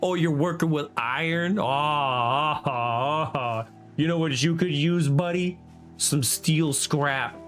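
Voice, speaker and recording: A smug, sarcastic video game personified, speaking in a mock-friendly tone a little higher than the performer's own voice, as a man puts it on. It teases and taunts with fake sympathy. The background has faint music. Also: slow, a bit bright.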